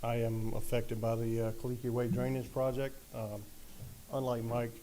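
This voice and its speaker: A man's voice: mid-range voice, little pitch movement, normal speed, warm tone, slight background noise, low-quality recording. A middle-aged man speaking as a resident at public comment in a council meeting, emotional, aggrieved and earnest.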